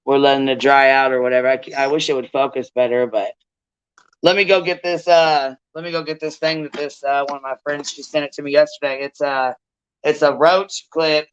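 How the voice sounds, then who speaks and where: Smooth-voiced man, dry lo-fi webcam sound. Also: mid-range voice, steady tone, a little fast. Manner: loose, profane, chatty while showing items on camera. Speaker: panel participant. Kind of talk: casual online panel chat.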